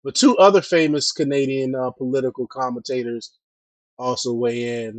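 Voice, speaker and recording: A man's voice: mid-range voice, fairly quick, no room sound. Hesitant man hosting political commentary. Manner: hesitant, many fillers and restarts, chatty asides to viewers. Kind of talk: casual news commentary.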